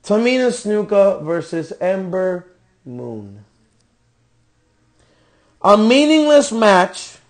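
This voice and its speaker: High-voiced, profane ranting man. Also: very animated, slow pace, long pauses. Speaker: podcast host. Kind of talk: ranting wrestling show review.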